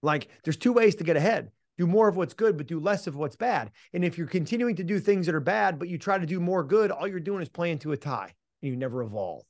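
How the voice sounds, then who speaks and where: A man's voice: on the high side, expressive, fairly quick, hardly any pauses, a little mellow, dry recording. Emphatic man telling a story, dry sound. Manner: emphatic, punchy, casual swearing, calls listener "man". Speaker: mental performance coach, podcast guest. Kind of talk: animated storytelling in an interview.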